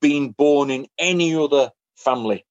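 A man's voice: a little high, normal speed, dry recording, highs cut off. A man telling a personal story in a casual interview, acting out other people's lines in different voices. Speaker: interview guest.

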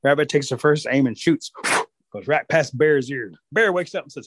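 A man's voice: a little high, normal speed, no room sound. Male storyteller with a lifted voice. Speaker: Cherokee storyteller. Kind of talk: oral folk storytelling.

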